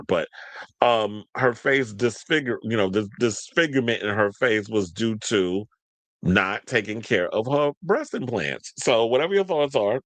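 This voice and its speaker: A man with a low voice hosts a gossip show, talking sassily and chatty, full of slang asides. His voice sounds close and dry, with no room around it. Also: a bit bright, no echo. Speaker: celebrity gossip show host. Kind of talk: casual commentary, reading news aloud.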